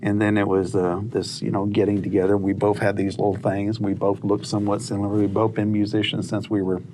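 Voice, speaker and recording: Low-voiced man, minister, animated storyteller acting out dialogue, noisy studio recording. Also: a little fast. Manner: animated anecdote-teller who acts out dialogue. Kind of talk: TV talk show storytelling.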